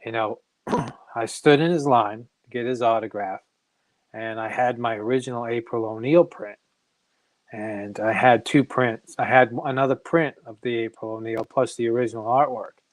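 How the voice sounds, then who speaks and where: A middle-aged man, a comic creator, telling casual anecdotes in an animated way and acting out other people's voices. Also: medium pitch, normal speed, no room sound, low-quality recording. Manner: animated, acts out quoted voices.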